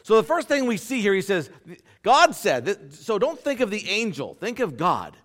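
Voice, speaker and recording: A man preaching a sermon to a congregation in a church, swinging between loud emphatic lines and quiet asides. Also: high voice, moderate pace. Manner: animated preaching with sudden loud and soft swings. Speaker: pastor.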